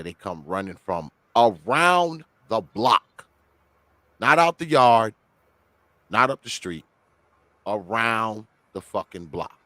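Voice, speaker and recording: A man who is a guest on a podcast, telling a story in an animated, heavily profane way. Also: on the low side, dry recording.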